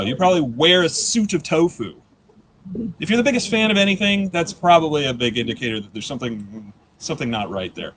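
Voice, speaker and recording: A man in his thirties doing a live stand-up set, rambling and self-deprecating with deadpan asides. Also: fairly high pitch. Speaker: stand-up comedian. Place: comedy stage before a live audience.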